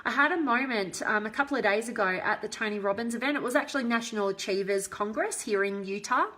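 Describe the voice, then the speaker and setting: A woman hosting a live stream as a motivational coach, warmly answering viewer comments in a heartfelt, enthusiastic way. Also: fairly high pitch, quick pace.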